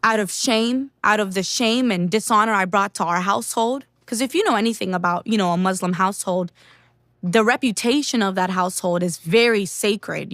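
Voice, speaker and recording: A young woman from the United States tells her personal testimony in a candid, earnest way, with casual fillers like "like" and "you know". Her voice sits at an ordinary middle pitch. The sound is dry and close, with almost no room echo. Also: fairly bright tone. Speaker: speaker sharing a faith testimony.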